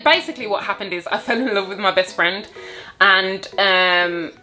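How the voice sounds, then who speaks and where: A young woman vlogger chatting casually to her viewers, telling a dating story and acting out her own reactions with lively exclamations. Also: medium pitch, normal speed, loud music behind the voice.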